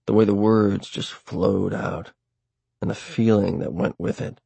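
A man reading a first-person novel aloud in a wry, dry, deliberate way. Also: fairly low pitch, steady tone, gravelly, dark tone, slightly rough, dry recording. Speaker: audiobook narrator. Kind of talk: first-person audiobook narration.

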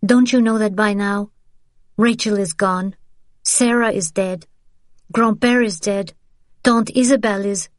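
A woman voicing a bitter, grieving girl of almost fourteen who speaks in a sharp, accusing, cynical way. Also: mid-range voice, steady tone, measured pace, long pauses, no echo, clean studio sound, pitched above the performer's own voice, lightly acted. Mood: tearful.

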